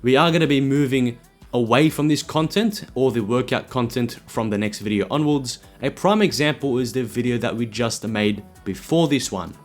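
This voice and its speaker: A man's voice: medium pitch, normal speed, soft background music. A young Australian man giving playful, teasing workout commentary and tips as a voice-over. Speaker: fitness vlogger.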